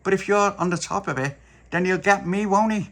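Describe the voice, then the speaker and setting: A man's voice: high voice, brisk, fairly bright tone, voice pushed up. A man voicing a stubborn, suspicious little man who refuses to be tricked. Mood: indignant. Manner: stubborn, indignant.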